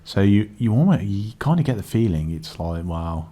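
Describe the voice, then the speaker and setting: A man with a lowish voice talks casually about a book. He sounds relaxed and agreeable, often chiming in with a yeah. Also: a little fast, slightly rough. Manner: relaxed, agreeable, frequent yeahs. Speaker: book review co-host. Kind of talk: casual chat.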